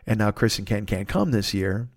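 A man in his fifties hosting a casual solo podcast, rambling and swearing as he tells animated stories. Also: on the low side, moderate pace, no echo, clean studio sound. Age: 50s. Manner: profane, rambling, animated storytelling. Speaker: podcast host.

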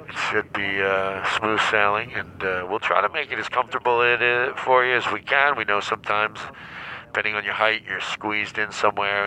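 A man playing a calm, friendly male airline captain making an announcement full of "uh" fillers. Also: on the low side, slight background noise, pitched below the performer's own voice, low-quality recording. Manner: relaxed, with lots of "uh" fillers.

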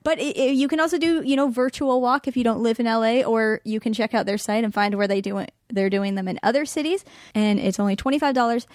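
A woman producer runs through announcements briskly and upbeat, her voice a little high. The sound is dry and close with no room in it. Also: a little mellow, no echo. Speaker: podcast producer. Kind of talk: casual chat, reading announcements.

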